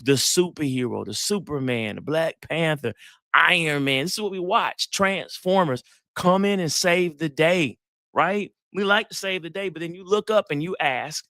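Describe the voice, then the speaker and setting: Guy hosting a live dating talk, slangy storyteller, crisp dry audio. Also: a little high, normal speed, no echo. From Atlanta, US South. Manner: animated storyteller, acts out quotes, slangy. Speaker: psychologist hosting a live session.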